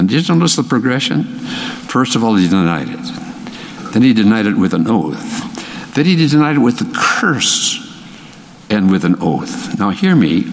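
A man with a Minnesota accent teaching a Bible study, emphatic and animated, his voice jumping in pitch for emphasis. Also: big-room sound.

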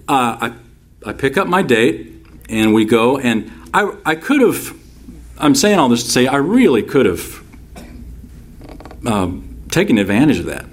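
A male pastor delivers a sermon in a voice of ordinary pitch for a man. He drives each point home by saying it twice. He slips easily into relaxed, folksy storytelling full of asides. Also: a little slow, long pauses, slight background noise. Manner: emphatic, repeats key phrases.

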